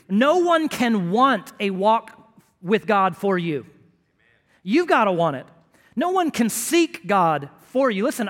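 High-voiced preacher in an echoing church. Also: male voice. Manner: emphatic, builds to loud pleading bursts. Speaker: pastor. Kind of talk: sermon.

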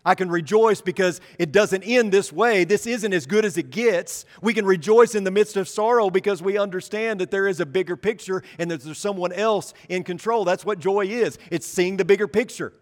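A male pastor preaching an earnest sermon, rising for emphasis and dropping softly for asides. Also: high voice, moderate pace, few pauses. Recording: long hall reverb.

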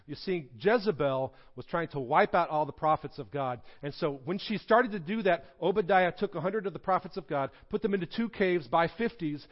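A man's voice: fairly high pitch, expressive, moderate pace, few pauses, dull audio. A male pastor preaching a sermon in a church, reading scripture dramatically with humorous asides. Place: church sanctuary.

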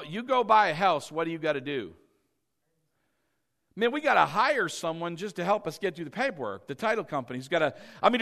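A middle-aged male pastor preaching a sermon, asking questions and answering them himself, and getting louder on the key lines as he leads the congregation in repeating them. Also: high voice.

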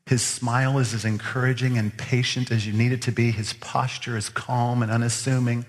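A man's voice: mid-range voice, flat delivery, moderate pace. A man preaching a sermon as pastor, earnestly pressing his listeners with repeated questions. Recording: long reverb of a large hall.

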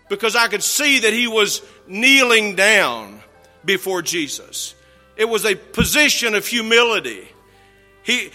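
Slow, bright-voiced preaching man. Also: in a large hall. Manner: earnest preaching, slow emphatic phrasing, drops low at line ends. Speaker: pastor. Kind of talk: sermon.

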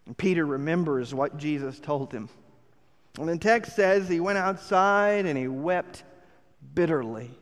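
A man delivers a sermon in an earnest storytelling manner, building to emphatic points. His voice sits a little high and sounds smooth and resonant. The sound carries a long hall reverb. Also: fairly bright tone. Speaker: preacher.

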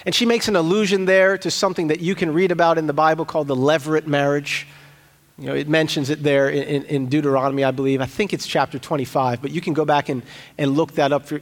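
A man's voice: high-pitched, long reverb tail. A male pastor preaching a sermon in a church, conversational, with frequent restarts and asides. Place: church sanctuary.

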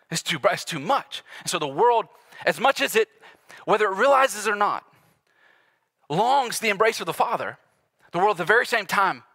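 A man in his thirties preaching a sermon as a pastor, telling family stories in a relaxed, conversational way and acting out the quotes. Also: a little high.

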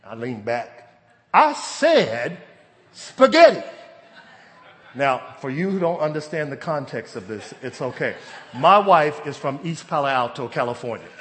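A man's voice: medium pitch, lively intonation, moderate pace. Man, forties, pastor, sermon, storytelling, emphatic, reverberant hall. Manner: storytelling preacher, rising to loud emphatic bursts. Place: church sanctuary.

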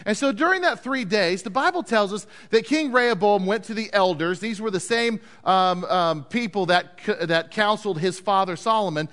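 A man with a high voice preaches, retelling a Bible story in an animated way and putting questions to his listeners. His voice carries a long reverb, as in a large hall. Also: moderate pace, few pauses. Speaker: pastor teaching a Bible story. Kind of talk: sermon.

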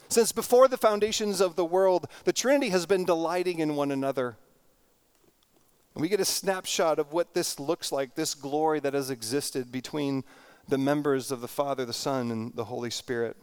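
This is a middle-aged male pastor delivering a sermon, earnest and reflective, who repeats words often and slows down to stress points. His voice is smooth and sits on the high side.

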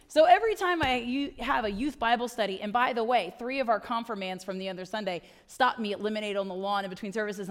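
A middle-aged woman delivers a sermon in a high voice. She is chatty and wry, pressing her points with emphasis and tag questions. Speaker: pastor.

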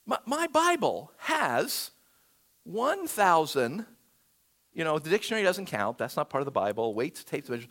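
Male pastor, sermon, high-pitched voice, very lively delivery. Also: moderate pace. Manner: animated storytelling with shouted emphasis.

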